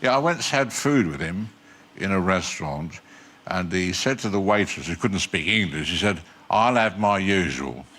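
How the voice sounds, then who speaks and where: An older man, an actor guest on a talk show, telling anecdotes in a dry, understated deadpan way. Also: sits low, normal speed, breathy edge.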